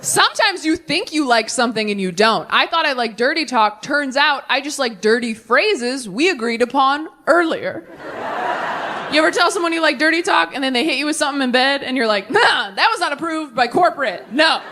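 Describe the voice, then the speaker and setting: Woman comic in her thirties, slightly high voice, sarcastic rapid-fire stand-up, live stage mic with faint noise behind. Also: animated, bright, forceful tone. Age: 30s. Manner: fast, sarcastic delivery with big character voices. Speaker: stand-up comedian. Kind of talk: stand-up comedy set.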